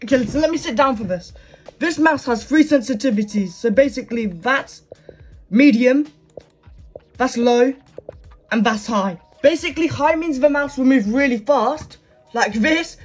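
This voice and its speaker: Faint music plays behind a teenage boy speaking at a normal pace in a very high voice. The gaming YouTuber chats casually into his desk microphone, showing off his gaming setup as he goes.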